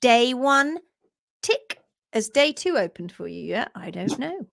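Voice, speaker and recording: A woman's voice: a little high, very animated, measured pace, creaky, a bit bright. A woman hosting a casual livestream, chatting in a bubbly way and greeting viewers by name as she reads out their comments. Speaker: livestream host. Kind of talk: casual live chat, reading out viewer comments. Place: at home, based in France.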